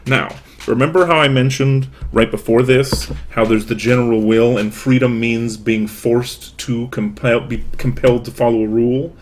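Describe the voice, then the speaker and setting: A man's voice: mid-range voice, steady tone, moderate pace, few pauses, slight background noise. A man lecturing in a casual, chatty way, asking himself rhetorical questions and answering them.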